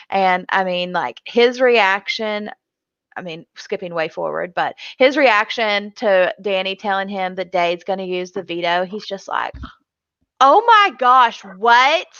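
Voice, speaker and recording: A woman's voice: medium pitch, a bit bright, clean tone, no echo. Chatty woman with a dull lo-fi sound. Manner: chatty, laughs often, acts out what others said. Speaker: co-host. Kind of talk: casual chat.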